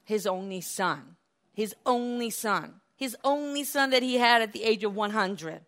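A woman preaching a sermon, retelling scripture as a lively story with laughs and acted-out quotes. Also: on the high side, unhurried.

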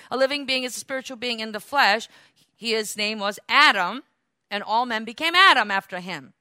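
A woman teaching a Bible lesson in an animated preaching style, asking her listeners questions as she goes. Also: fairly high pitch, normal speed, no echo, clean studio sound.

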